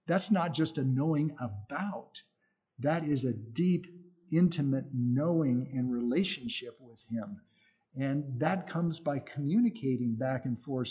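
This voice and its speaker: Earnest man giving a mellow sermon. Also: medium pitch, a little slow. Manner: earnest, conversational with restarts. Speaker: missionary speaker.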